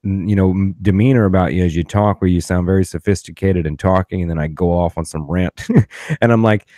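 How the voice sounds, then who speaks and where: A man's voice: low-pitched, fairly even intonation, a little fast, dark tone, no room sound, clean studio sound. A man hosting a podcast, telling stories in a loose, profane, ranting way. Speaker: podcast host. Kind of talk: casual podcast chat.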